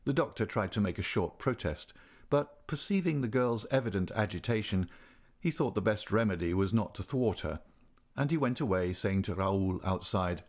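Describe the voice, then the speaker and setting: A man reads a classic novel aloud at an even, measured pace. His voice sits somewhat low, and the telling stays steady throughout. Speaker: audiobook narrator.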